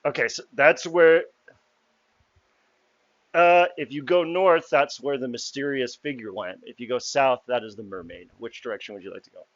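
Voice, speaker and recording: A man's voice: medium pitch, moderate pace, no room sound. A man running a tabletop game, casual and loose, and he swears freely. The recording is dull and dry. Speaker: game master.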